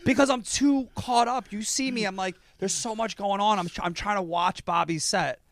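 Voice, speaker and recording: A man in casual podcast conversation, excitable and high strung as he tells stories. His voice sits a bit higher than most men's. The recording is dry, with no room sound. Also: no echo. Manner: excitable, quick storytelling with many yeahs. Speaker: podcast co-host and comedy club owner. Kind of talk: casual chat. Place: office.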